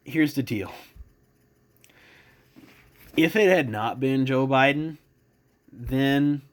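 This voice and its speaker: A man's voice: mid-range voice, a bit bright. A man hosting his own podcast, giving a casual, rambling, opinionated monologue with a sarcastic edge and plenty of fillers. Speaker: podcast host.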